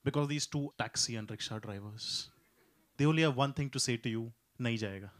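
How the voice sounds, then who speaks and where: A man's voice: medium pitch, brisk, noisy background. A man with a Mumbai Indian English accent performing a stand-up set in an easy, conversational manner. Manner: conversational, slips into Hindi quotes. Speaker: stand-up comedian. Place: comedy club stage.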